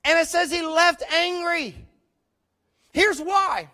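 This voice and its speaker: A man preaching a sermon, retelling a scripture story in an animated way and briefly acting out the people in it. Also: very high-pitched, slow. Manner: animated storytelling, voicing characters, rising to loud emphasis. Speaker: pastor.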